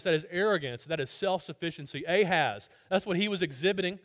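A man preaching an expository sermon, swinging between loud emphatic lines and quiet low asides. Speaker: pastor.

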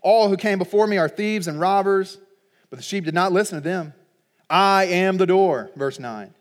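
A middle-aged man preaching a sermon as pastor, animated and acting out little voices in his illustrations. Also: high voice, moderate pace.

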